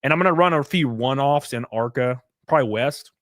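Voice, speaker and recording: A man's voice: medium pitch, a little fast, fairly bright tone, no room sound, studio quality. A young man chatting casually on a livestream, rambling and jokey, with frequent profanity. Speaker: streamer.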